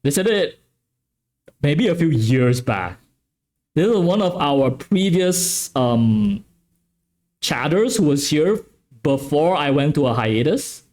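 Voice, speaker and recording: A man from Malaysia talks on his stream with a westernized English accent, in a slightly high voice that rises and falls a lot. He chats casually, talkative and quick to correct himself with a laugh. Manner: animated, talkative, playfully self-correcting. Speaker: streamer hosting a tabletop game channel.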